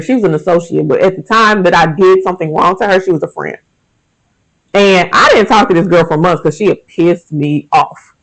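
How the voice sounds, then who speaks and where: Guy in his 30s, podcast host, kinda high voice w some fry, blunt and animated. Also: rough recording. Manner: candid, emphatic, frank and animated. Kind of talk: casual faith-based monologue.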